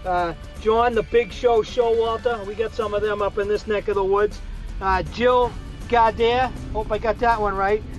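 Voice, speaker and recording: Middle-aged Boston man, chatty and rambling, fills gaps with "uh" and restarts; high, flat delivery. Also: normal speed, muffled recording, soft background music. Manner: rambling, many fillers and restarts. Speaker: regular segment contributor. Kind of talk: casual phoned-in update.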